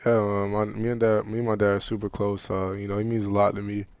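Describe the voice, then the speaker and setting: A young college basketball player speaks in a low, fairly monotone voice, answering questions softly and leaning on filler words. The recording is close and dry, with no room sound. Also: male voice, quick pace, clear, resonant tone, no room sound. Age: young adult. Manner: soft-spoken, heavy on "you know" fillers. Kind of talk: casual interview answers.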